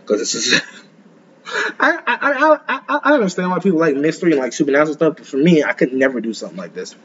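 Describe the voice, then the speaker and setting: A young man talks in a loose, rambling reaction style, tripping over restarts and dropping slang as he goes. His voice sits a little high. The sound is dull and lo-fi, with a faint hum of room ambience underneath. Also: very animated, fast talker, a bit bright. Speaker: anime reaction host. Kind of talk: casual reaction commentary.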